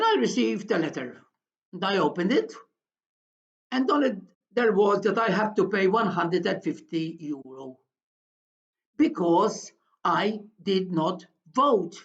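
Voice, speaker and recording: An older woman telling a story to her viewers in a slow, deliberate monologue, often repeating her phrases, on a dull lo-fi recording. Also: mid-range voice, vocal fry. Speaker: commentator.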